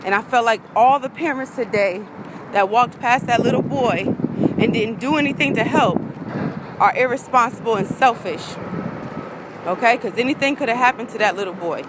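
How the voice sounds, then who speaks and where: A woman's voice: on the high side, moderate pace, heavy background noise. A woman, a vlogger in an angry rant to her viewers, heated, profane and repeating herself.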